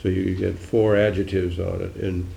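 A man's voice: sits low, flat delivery, moderate pace, vocal fry, mellow, roomy sound, a little hiss or hum. An older man, a senator, giving a musing political talk with dry, wry humor and taking audience questions.

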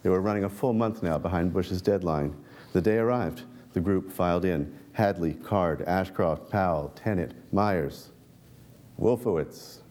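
A man, a reporter and author, reads aloud from his book at a talk with dry, wry asides, then answers questions with halting restarts. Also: sits low, darkish tone.

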